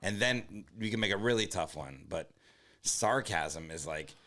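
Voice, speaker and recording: A man, a comedian co-hosting a podcast, bantering casually and objecting with quick sarcasm. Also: sits low, animated, sharp tone.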